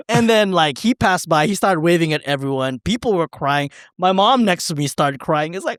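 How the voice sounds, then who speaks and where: In casual podcast chat, this co-host rambles through a story with swearing, laughter and acted-out quotes. He has a high, expressive, fairly bright voice, speaking at a moderate pace with few pauses. Clean studio sound, no echo.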